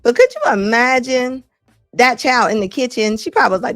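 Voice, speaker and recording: A woman host riffing on clips in casual reaction commentary, animated and incredulous, with slangy, fired-up delivery. Her voice sits a little high and sounds dry and close, with faint music behind her. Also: a little fast, no room sound.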